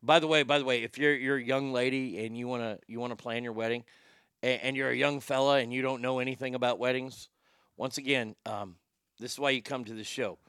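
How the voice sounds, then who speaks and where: A man's voice: mid-range voice, steady tone, brisk, a bit bright, clean tone, dry recording, studio quality. A man hosting a show, talking in a folksy, rambling, profane way with many restarts. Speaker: show host. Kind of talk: casual talk-show monologue.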